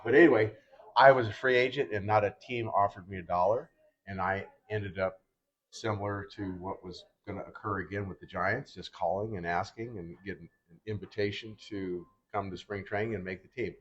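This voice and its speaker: A man's voice: lowish voice, a little fast. Older man telling baseball stories. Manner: animated, acts out other people's lines in quotes. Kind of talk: casual storytelling. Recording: dull lo-fi sound.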